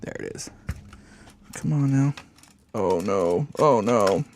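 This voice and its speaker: A man's voice: lowish voice, animated, takes it slowly, darkish tone, a little hiss or hum. A man hosting a live amp build stream, talking casually and muttering and swearing at small parts as he works.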